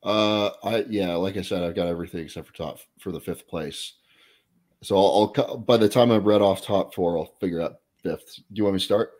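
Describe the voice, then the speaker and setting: A man's voice: deep voice, a little fast, darkish tone. A man, a guest on a casual podcast, easygoing and chuckling, self-deprecating. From United States. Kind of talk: casual chat.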